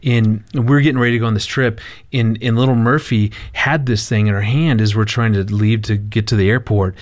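A man with a fairly low voice tells a family story as a guest on a talk show. He is animated, quotes himself, and often breaks into laughter. The recording is dry and close. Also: fairly quick, no room sound. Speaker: marriage ministry guest.

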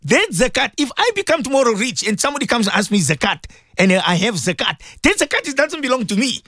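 A South African man delivers an impassioned radio sermon in a high voice that swoops up and down. He presses his points again and again, exhorting his listeners directly. The sound is close and dry. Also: sing-song, quick pace, bright, forceful tone, no room sound. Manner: fervent, repetitive, exhorting. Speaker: religious radio presenter.

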